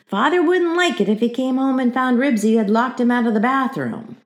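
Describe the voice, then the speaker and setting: A woman's voice: a little high, expressive, brisk, voice pushed up, lightly acted. A woman voicing a young girl, an earnest older sister who gets easily annoyed. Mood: eager.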